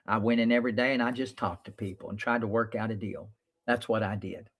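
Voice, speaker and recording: A man's voice: on the low side, fairly even intonation, fast talker, a bit bright. A man, a lawyer hosting his own show, talking casually to viewers in a blunt, plain-spoken way, swearing freely and telling stories. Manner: storytelling, reenacts his own past lines.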